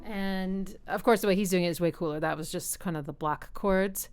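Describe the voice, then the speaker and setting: A woman's voice: fairly low pitch, moderate pace. A woman teaching music, casually thinking aloud as she breaks down a piano piece and hums the melody lines. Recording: loud piano music behind. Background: piano playing.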